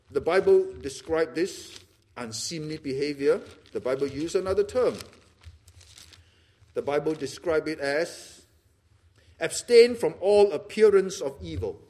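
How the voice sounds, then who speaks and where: Animated high-voiced preacher. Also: male voice, a little slow, long pauses. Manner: animated, acts out little dialogues, laughs often. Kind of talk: sermon.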